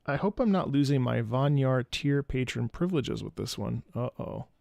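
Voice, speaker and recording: A man's voice: mid-range voice, lively intonation, normal speed, creaky, darkish tone, no echo. A man hosting a casual reaction video, chatting and reading out viewer requests at home.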